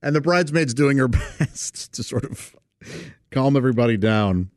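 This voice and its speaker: A man's voice: medium pitch, expressive, moderate pace, a little mellow, no room sound, clean studio sound. A middle-aged man, a comedian guest, telling a story casually with lots of fillers. He breaks into laughter often. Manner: rambling, many fillers, laughs while telling.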